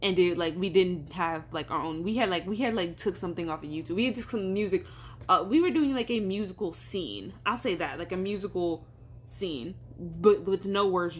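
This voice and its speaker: A woman's voice: on the low side, slight background noise. A woman telling a personal story in casual vlog chat, rambling with lots of fillers and acting out what people said. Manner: rambling, filler-heavy, acts out quoted dialogue.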